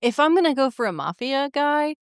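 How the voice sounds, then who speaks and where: A woman co-hosting a casual book podcast, chiming in with quick joking reactions. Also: high voice, sing-song, no room sound, studio quality. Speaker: podcast co-host.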